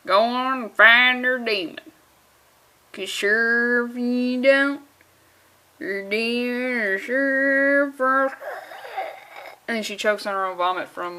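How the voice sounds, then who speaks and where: Bright sarcastic young woman. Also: high-pitched. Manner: sarcastic, rambling, profane asides. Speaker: comic book reviewer. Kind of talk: casual comedic commentary.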